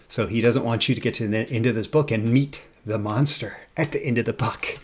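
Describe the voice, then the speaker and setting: Male host, casual to-camera talk, gravelly fry, halting and rambly delivery. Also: medium pitch. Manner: rambling, hesitant, many fillers and restarts. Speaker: copywriting video host.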